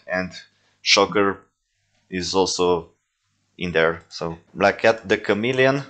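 A young man with a deep, low voice talks casually through his homemade toy films, often stopping to say "uh" and correct himself. English is not his first language, and his delivery stays loose and rambling. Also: fairly bright tone. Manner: rambling, with frequent fillers and self-corrections. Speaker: toy film creator commenting on his own movies. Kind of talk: casual reaction commentary.

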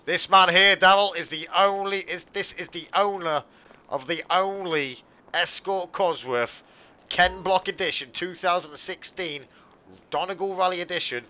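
A man's voice: high-pitched, measured pace, sharp tone, muffled recording. A man role-playing a car dealer, chatty salesman patter full of mate and buddy. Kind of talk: in-character role-play over game voice chat.

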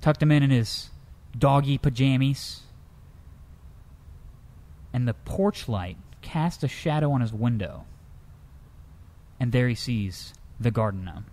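A man co-hosting a comedic news-story show, telling tales in a lively, animated way. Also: takes it slowly, pauses often. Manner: lively storyteller, jumps into high pitch for characters. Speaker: co-host.

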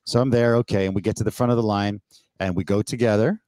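Canadian guy hosting a chat, lowish voice, tells stories all animated, dry close sound. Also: fast, no echo. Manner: animated storyteller who acts out quotes with laughs. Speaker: podcast host. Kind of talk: casual interview chat. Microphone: remote call setup.

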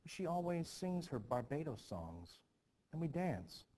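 Male reader putting on a teen girl, high, pleading then defiant, play reading. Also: big pitch swings, measured pace, dark tone. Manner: pleading, rising to indignant. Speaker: teacher.

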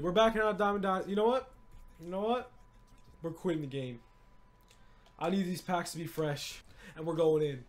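A young man giving excited, pleading commentary while opening game card packs, swinging from low mutters to loud shouting. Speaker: gaming YouTuber.

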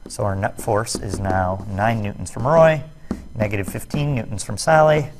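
Jokey physics teacher working through problems. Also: male voice, lowish voice, normal speed, music in the background. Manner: jokey, self-deprecating asides. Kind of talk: recorded classroom lesson video.

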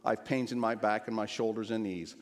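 A man's voice: lowish voice, steady tone, a little fast, natural voice. A man voicing a plain, tired little male turtle who pleads politely, read aloud as a storybook in a reverberant church. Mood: pleading. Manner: meek, pleading, complaining softly. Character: small, humble, weary male turtle.

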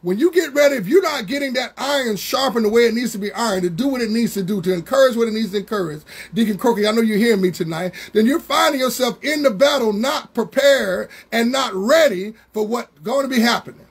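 A man preaching a Bible study sermon, drawing words out slowly for emphasis and calling out to members of the congregation. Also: extremely high pitch, lively intonation, vocal fry, slightly rough. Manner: preaching with slow, drawn-out emphasis and call-outs to congregation members.

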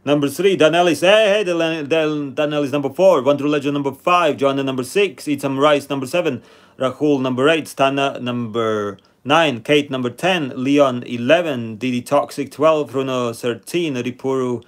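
Man, live stream host, chatty, reads viewer names and rankings aloud, middle pitch. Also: normal speed. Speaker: livestream host.

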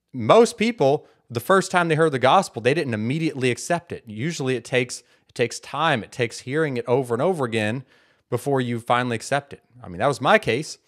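A man hosting a Bible teaching video, arguing his point emphatically and repeating words for stress. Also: mid-range voice. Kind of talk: casual apologetics monologue.

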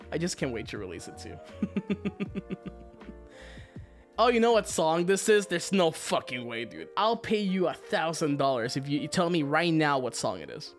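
A man chatting casually on a livestream, excitable and quick to laugh, swearing freely between thanks to viewers. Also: fairly high pitch. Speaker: virtual idol streamer.

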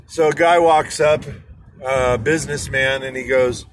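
A man with a medium-pitched, steady voice speaks a little slowly from his car in rush hour traffic. He's an inspirational speaker whose motivational story rambles, full of fillers and restarts.

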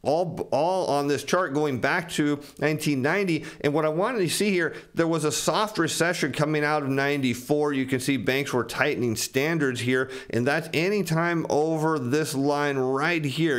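A man's voice: fairly high pitch, normal speed, few pauses. A man giving casual financial commentary as he walks through charts, explaining them to viewers he calls his friends and acting out what bankers and borrowers would say. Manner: acts out bankers and borrowers in quoted asides.

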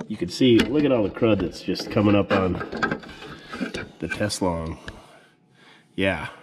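Working on an old car in his shop, a man hosting a repair vlog keeps up casual commentary, bantering and joking in slang. He has a low, unhurried voice against a noisy background.

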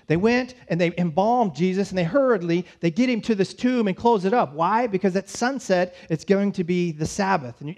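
High-voiced pastor telling a story. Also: male voice, darkish tone. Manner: storytelling, voices the disciples' panic in quick asides. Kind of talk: sermon. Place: church.

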